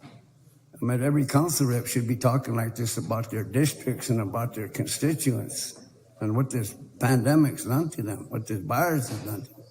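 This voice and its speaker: A man's voice: medium pitch, normal speed, a little mellow. A man speaking as a tribal council representative in a meeting debate, earnest and pleading, repeating himself. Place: council chamber. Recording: echoey council chamber with faint noise.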